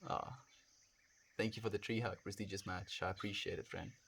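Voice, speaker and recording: Soft-spoken South African man rambling. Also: fairly low pitch, steady tone, moderate pace, gravelly, slight background noise. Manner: rambling, soft-spoken, many "like" fillers, addresses viewers as friend. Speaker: livestreamer. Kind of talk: casual late-night livestream chat.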